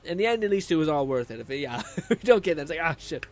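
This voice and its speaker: A man's voice: fairly high pitch, very animated, very fast. Chatty, swearing male game streamer. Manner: chatty, swears, laughs, reads chat aloud. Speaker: live streamer. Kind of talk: casual gaming commentary. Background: game music.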